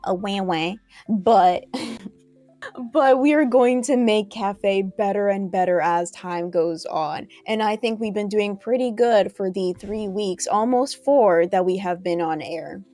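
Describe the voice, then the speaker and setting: A woman's voice: medium pitch, takes it slowly, warm tone, faint music behind. A woman co-hosting an online talk show, pushing her voice with extra energy so it comes out shaky. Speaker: co-host. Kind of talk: casual online show chat.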